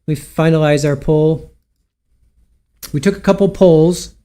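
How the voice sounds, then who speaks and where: Signing off his livestream, this friendly host rambles casually and keeps correcting himself. His voice is on the high side and warm, with fairly even intonation at a measured pace.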